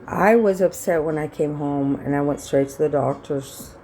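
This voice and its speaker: A woman's voice: low voice, normal speed, dark tone, faint music behind, poor audio. A middle-aged woman, telling a rambling, blunt story in a casual vlog and acting out what people said. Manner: rambling, blunt and salty, reenacting dialogue. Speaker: vlogger.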